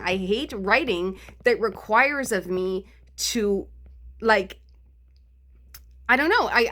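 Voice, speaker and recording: A woman's voice: on the high side, sharp tone. A woman book vlogger venting her frustration in a casual, profane rant, laughing between complaints. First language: English.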